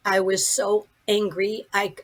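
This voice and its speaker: Husky older woman telling her story. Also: medium pitch, takes it slowly. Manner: vivid, animated retelling with many restarts. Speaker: podcast guest. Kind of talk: personal storytelling.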